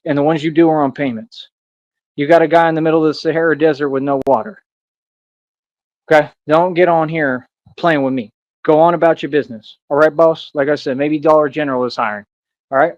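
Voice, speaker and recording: A man with a slightly higher-than-average voice rambles through a livestream monologue, boastful and preachy, lecturing his viewers. The audio is dull and lo-fi, with a dry, close sound and no room echo. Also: steady tone, fairly quick. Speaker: livestream host.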